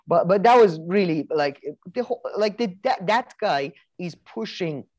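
A man's voice: sits high, animated, normal speed. A young adult man co-hosting a podcast in casual chat, rambling with lots of restarts and casual swearing. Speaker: podcast co-host.

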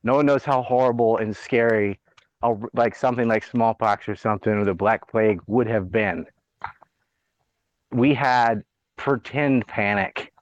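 A man's voice: lowish voice, measured pace, no room sound, muffled recording. A man hosting a podcast, ranting bluntly and sarcastically with plenty of swearing in casual political chat. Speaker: podcast host.

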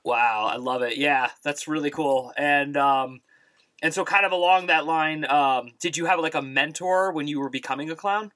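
A man hosting an interview, asking relaxed questions with hesitant fillers. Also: on the high side, moderate pace, no echo. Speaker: podcast host.

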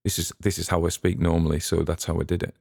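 A man's voice: low-pitched, level tone, fast, creaky, a little mellow, husky, no room sound, clean studio sound. A man, hosting a podcast and chatting in a rambling, musing way with plenty of restarts. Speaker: podcast host. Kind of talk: casual rambling commentary.

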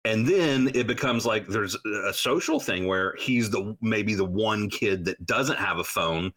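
A thoughtful man with a fairly low voice talking on a podcast. He weighs his words and pauses on fillers as he gives his view. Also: fairly bright tone. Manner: thoughtful, measured opinions with hesitations. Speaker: podcast co-host. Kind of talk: casual conversation.

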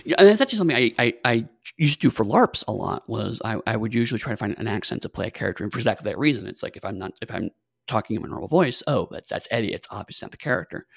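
Gravelly man with dry close sound. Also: lowish voice, expressive, rapid-fire, no echo. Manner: reflective, fillers and hesitations. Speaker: podcast co-host, game master. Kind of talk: casual chat.

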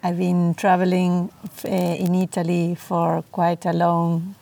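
A middle-aged woman with an Argentinian Spanish accent, her voice full of gravelly fry. She speaks English as a second language and pauses to search for words. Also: on the low side, monotone, warm tone. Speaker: chef, podcast guest. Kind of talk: interview answers.

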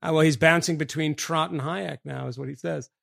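A man co-hosting a podcast, reading a listener's email aloud in a rambling way with lots of fillers and quick laughs. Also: on the high side, fairly even intonation, creaky, fairly bright tone, dry recording, clean studio sound. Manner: rambling, many fillers, laughs mid-sentence. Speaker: podcast co-host.

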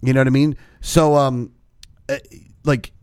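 A man's voice: medium pitch, level tone, a little slow, a little mellow, clean tone, no echo, clean studio sound. A man co-hosting a casual podcast, rambling with many restarts and reading news items aloud. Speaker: podcast co-host. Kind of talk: casual chat.

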